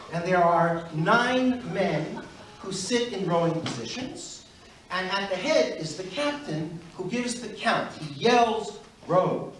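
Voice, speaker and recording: A middle-aged man from Brooklyn, telling stand-up stories at a measured pace and putting on voices for his characters. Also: high voice, a little hiss or hum. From Brooklyn, USA. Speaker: stand-up comedian. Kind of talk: stand-up storytelling. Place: university event hall. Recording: very echoey hall, far mic.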